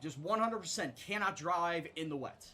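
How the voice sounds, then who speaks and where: A man's voice: fairly high pitch, animated, normal speed. A man commenting on his own racing game, swearing and venting at his driving. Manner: swears and shouts in frustration; self-deprecating. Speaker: gaming streamer. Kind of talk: casual gameplay commentary.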